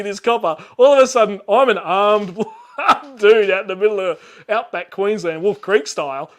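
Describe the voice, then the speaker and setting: A man's voice: high voice, expressive, brisk. A middle-aged Australian man telling a rambling camping story over a video call, laughing often and full of fillers and restarts. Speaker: YouTuber guest. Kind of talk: casual storytelling chat.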